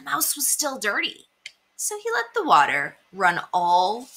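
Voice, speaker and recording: A woman teacher reading a children's picture book aloud with slow, expressive storytelling. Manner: slow, expressive storytelling with big pitch swings. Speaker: elementary school teacher.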